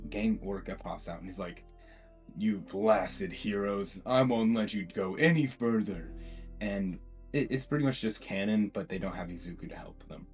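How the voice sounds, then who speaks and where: A man's voice: low voice, a little mellow. A man hosting a fan-theory video, telling a what-if story in a loose, chatty way full of fillers and restarts. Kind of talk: casual rambling storytelling. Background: faint guitar music.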